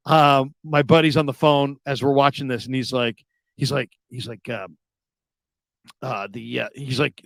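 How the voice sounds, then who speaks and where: A radio host telling a long story in casual chat, acting out the people in it with loud, high outbursts. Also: male voice, normal speed, no echo. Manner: animated, acts out quoted people with sudden loud high outbursts.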